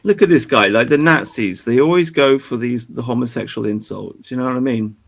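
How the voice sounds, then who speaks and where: A man's voice: mid-range voice, a little fast, creaky, a little hiss or hum. A young man co-hosting a stream, chatting casually, rambling, repeating himself and swearing a lot. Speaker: stream co-host. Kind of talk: casual chat.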